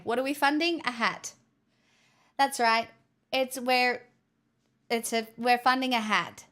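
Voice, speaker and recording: Bright-voiced giggly young woman streamer. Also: mid-range voice. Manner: giggly, rambling, chatty with viewers. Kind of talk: casual live-stream chat.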